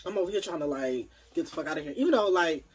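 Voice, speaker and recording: A young adult vlogger telling a personal story in a casual, animated, profane and dramatic way. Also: medium pitch, quick pace, husky.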